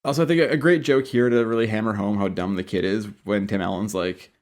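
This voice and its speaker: A man's voice: lowish voice, steady tone, fast. A man co-hosting a podcast in casual chat, wry and casually swearing. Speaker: podcast co-host.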